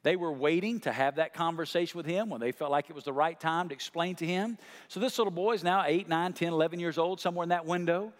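High-voiced preacher in a reverberant hall. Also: male voice, fast. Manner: storytelling preacher, building to shouted climaxes. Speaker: pastor. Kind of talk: sermon.

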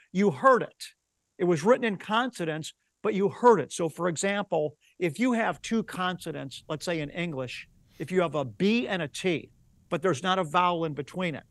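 Earnest high-voiced man explaining patiently. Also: no echo. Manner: earnest, explanatory, spells things out with examples. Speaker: rabbi and Bible teacher, interview guest. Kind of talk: teaching explanation in a broadcast interview.

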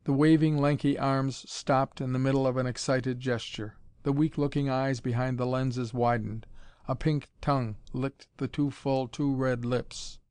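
A male narrator reading an audiobook in an even, measured way, his voice sitting at an ordinary middle pitch. The recording is dry and close, with no room sound. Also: clean tone, no room sound. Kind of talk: scripted narration.

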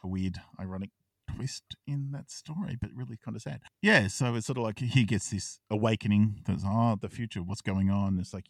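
A low-voiced man chats casually about a TV episode he has watched. He retells it in an animated way and acts out the characters' lines. The sound is dry, with the mic set back a little from him. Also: normal speed, dry recording, distant mic. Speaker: podcast co-host. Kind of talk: casual chat reviewing a TV episode.

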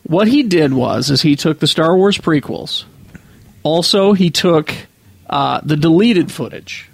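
A man's voice: fairly high pitch, expressive, measured pace, creaky, breathy edge, dry recording. A man hosting a casual podcast, joking and rambling with friends through many restarts. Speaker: podcast host. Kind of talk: casual chat among friends.

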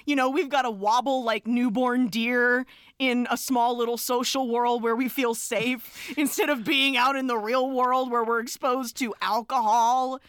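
Chatty, high-pitched woman recapping a film. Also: measured pace, clear, resonant tone, no room sound, studio quality. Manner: animated, chatty, laughing often. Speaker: podcast host. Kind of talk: casual film recap chat.

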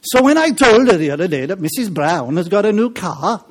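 A man putting on a Welsh accent to voice an excitable Welsh man in a funny story, loud and emphatic. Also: sits high, a little fast, pitched above the performer's own voice. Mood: insistent.

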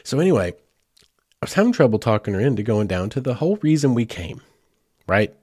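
A man's voice: mid-range voice, big pitch swings, brisk, darkish tone, husky, no echo, clean studio sound. A man, a father, telling a family story in a casual, rambling way with lots of fillers. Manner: rambling, chatty, with many fillers like "like" and "you know".

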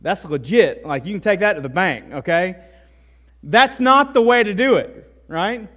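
A man's voice: sits high, expressive, measured pace, fairly bright tone. A male pastor delivering a sermon in a conversational way, with frequent asides and tag questions. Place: church.

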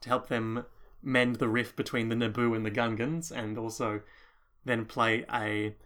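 Bright-voiced man, quick and wry. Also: mid-range voice, level tone. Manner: fast, wry and opinionated, laughs often. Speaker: podcast co-host. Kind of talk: casual chat.

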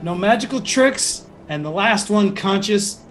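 A man voicing a brisk female ship officer who speaks crisply and with command, relishing the challenge. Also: high-pitched, lively intonation, soft background music. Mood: challenging.

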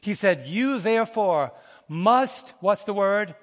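A male pastor preaching a sermon, folksy and animated, calling out to the congregation and laughing between stories. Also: high-pitched, slow, in a large hall. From United States. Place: church sanctuary.

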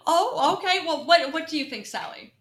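A woman's voice: high-pitched, animated, normal speed, fairly bright tone. A woman hosting a comedy talk show, prompting her guests with questions and laughing often. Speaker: host.

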